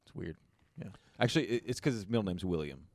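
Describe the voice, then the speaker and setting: A man's voice: sits low, lively intonation, quick pace, darkish tone, no echo. A man in casual podcast chat, playful and jokey. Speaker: podcast co-host.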